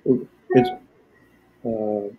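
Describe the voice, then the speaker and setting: A man teaching a language class, lecturing in a halting way with many filler pauses. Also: fairly low pitch, steady tone, highs cut off, music in the background. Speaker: Greek teacher.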